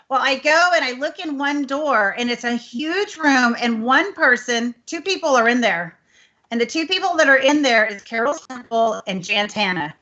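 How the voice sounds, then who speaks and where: A woman in her fifties from Texas hosts the show and wanders through a long anecdote, looping back with fillers as she goes. Her voice sits a little high and sounds bright and crisp. The audio comes through slightly muffled, like an online call. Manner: rambling storyteller, many fillers like "anyways". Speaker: host. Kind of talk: casual chat, long personal anecdote.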